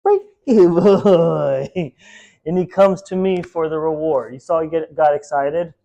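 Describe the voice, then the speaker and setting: Male dog trainer, slightly high voice, loose chatty teaching with frequent laughs. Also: moderate pace, warm tone, highs cut off. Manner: casual, chatty, laughs often, many "like" fillers. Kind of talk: hands-on training lesson.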